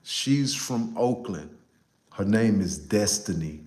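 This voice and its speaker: A young man, casually telling a personal story to a live chat, animated and repeating himself for emphasis. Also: lowish voice, slow, echoey room.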